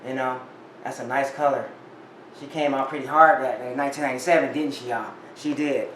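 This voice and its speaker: A man's voice: mid-range voice, fairly even intonation, fairly quick, a bit bright. A man telling a story in casual chat to camera, chatty and full of restarts as he talks about his records. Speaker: vinyl collector vlogger. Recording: roomy echo, a bit off-mic, faint room noise.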